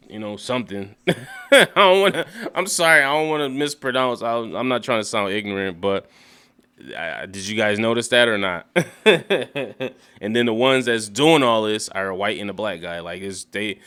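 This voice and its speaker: Low-voiced man ranting through a recap. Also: clean tone. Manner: rambling, profane, animated storytelling with acted quotes. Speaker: YouTube show recapper. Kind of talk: casual recap rant.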